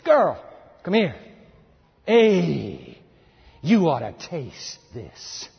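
A man's voice: fairly high pitch, very animated, very slow, creaky, breathy edge, heavily acted. A man voicing a sly, tempting male devil who wheedles and taunts, heard in an echoey hall on a dull, lo-fi recording. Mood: crooning.

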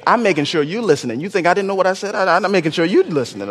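A man preaching a sermon in a church, animated, using call-and-response and rhythmic repetition. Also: high-pitched, very fast, slightly rough. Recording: long church reverb.

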